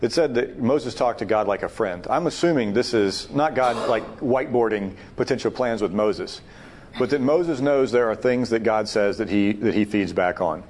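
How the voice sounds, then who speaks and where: A man's voice: on the low side, normal speed, a little mellow, a little hiss or hum. A man leading a Bible study discussion, talking emphatically and thinking aloud with frequent restarts. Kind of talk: teaching discussion.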